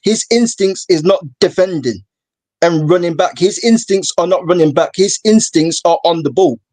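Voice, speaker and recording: A man's voice: sits high, lively intonation, moderate pace, a little mellow, no room sound. A young man ranting in casual football banter, repeating himself in disbelief and dropping "bro" constantly. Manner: rant-like, repeats "bro", incredulous. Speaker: guest.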